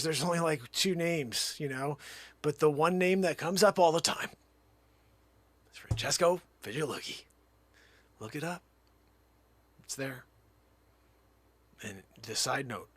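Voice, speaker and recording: A man's voice: a little high, no room sound. Rambling man spinning a dry tall tale. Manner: rambling, deadpan tall tale full of fillers. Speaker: livestream comedian. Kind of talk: improvised comic storytelling.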